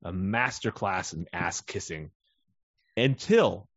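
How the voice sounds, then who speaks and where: A man co-hosting a podcast, talking in a casual, animated way and swearing freely. His pitch swings widely. The sound is dry and a little muffled. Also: slow pace, dry recording. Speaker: podcast co-host. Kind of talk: casual chat.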